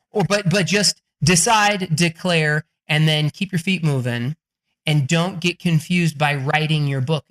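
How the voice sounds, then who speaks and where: A brash man on a podcast, speaking in a bright, forceful voice. His advice comes fast and full of swearing. He often breaks into the voices of people he quotes. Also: on the high side. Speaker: guest author.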